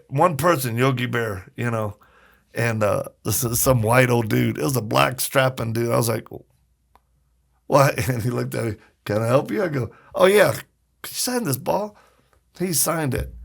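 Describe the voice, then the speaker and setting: Male guest, gravelly voice, casual storyteller who acts out the people in his stories. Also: medium pitch, fairly bright tone. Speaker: podcast guest.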